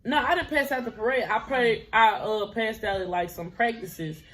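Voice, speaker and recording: A woman's voice: fairly high pitch, normal speed, a bit bright. A woman in her twenties telling a personal story to her viewers in a casual, chatty way. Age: 20s. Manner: chatty, laughs often, drifts into quoted dialogue.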